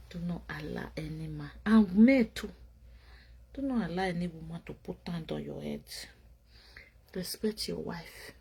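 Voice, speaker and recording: A tired woman with a Nigerian accent, chatting casually late at night to her viewers while drinking wine. She rambles, swinging between loud remarks and drowsy murmurs. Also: on the low side, unhurried, vocal fry, husky. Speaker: vlogger.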